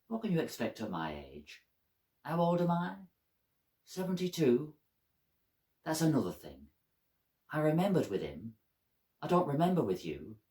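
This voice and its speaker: A man voicing his elderly mother in her seventies, sharp-tongued and jealous, in a home-made stage monologue. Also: a little slow, long pauses, roomy sound. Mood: bitter. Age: 70s. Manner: tart, scolding, lively swings in pitch.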